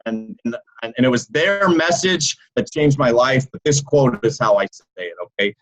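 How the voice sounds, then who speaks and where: Energetic male business coach on a video call, loud storyteller with a habit of checking in. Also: mid-range voice, normal speed, low-quality recording. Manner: energetic storytelling with many "right?" and "okay?"; loud and animated, by his own account. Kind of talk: motivational talk on a video call.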